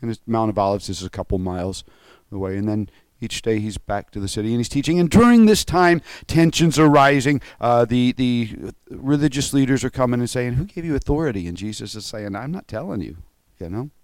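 A man's voice: medium pitch, a little fast, few pauses, smooth, no echo. A male pastor giving a conversational sermon. He is earnest and openly moved, and he often halts, restarts and adds asides.

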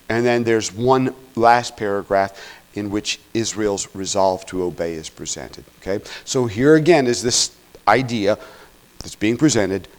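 A man preaching a sermon in an earnest teaching tone, often checking in with "okay?" and swinging between loud emphatic peaks and quiet asides. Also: mid-range voice, poor audio. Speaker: pastor.

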